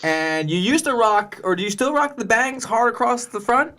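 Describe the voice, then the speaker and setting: A man's voice: very high voice, moderate pace, bright, forceful tone. A man hosting a podcast, interviewing a guest in a playful, joking way. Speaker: podcast host.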